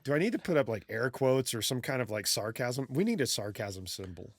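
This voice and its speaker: A man's voice: medium pitch, very animated, a little fast, husky, dry recording, studio quality. A man hosting a podcast in casual chat, playful and teasing with his co-host.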